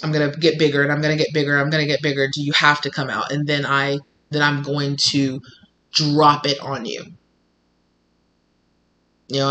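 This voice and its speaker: A man's voice: a little high, pushed and bright, low-quality recording. A man giving a casual intuitive tarot reading at home, speaking animatedly and acting out the people he describes. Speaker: tarot reader.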